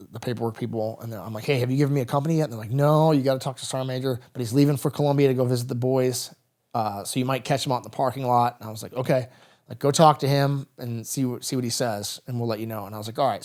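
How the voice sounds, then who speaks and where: A man in his thirties, a veteran guest on a podcast, telling stories casually and acting out the dialogue. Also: medium pitch. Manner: rapid, animated anecdotes with quoted dialogue. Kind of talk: casual storytelling interview.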